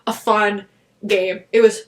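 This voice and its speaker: A woman co-hosting a podcast, telling a long story in an excited, rambling way. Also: medium pitch, slow pace, crowd noise. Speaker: podcast co-host. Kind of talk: casual chat.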